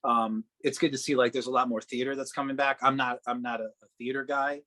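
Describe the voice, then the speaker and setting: A man raised in Boston, an actor guest on a podcast, talking in a relaxed, chatty way and laughing often. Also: medium pitch, fast, no echo. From Boston, Massachusetts. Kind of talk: casual podcast chat.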